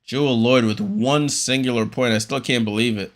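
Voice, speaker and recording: A man's voice: mid-range voice, normal speed. Guy streaming a watchalong, calling plays laid back, lots of um and restarts. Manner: relaxed, chatty, many ums and restarts, reads chat aloud. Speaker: streamer hosting a game watchalong. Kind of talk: live play-by-play commentary on stream.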